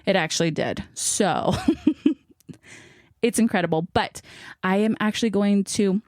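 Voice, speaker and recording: A woman's voice: mid-range voice, a little slow, darkish tone, no echo, clean studio sound. A young woman hosting her podcast in casual chat, upbeat and laughing often, a little out of breath, recording in a small closet alcove. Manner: chatty, upbeat, laughs often, says y'all. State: a bit out of breath. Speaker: podcast host.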